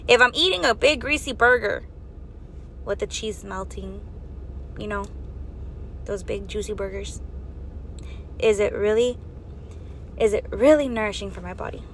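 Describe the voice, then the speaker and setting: A woman's voice: mid-range voice, a little slow, long pauses, fairly bright tone, a little hiss or hum. A woman giving an earnest faith and health talk, exhorting her listeners with strings of rhetorical questions. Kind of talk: preaching monologue.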